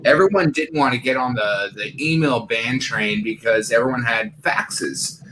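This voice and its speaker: A man's voice: mid-range voice, normal speed, sharp tone, a little hiss or hum, poor audio. A man on a casual live online show, rambling with many fillers like "like" and "right". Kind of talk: casual chat.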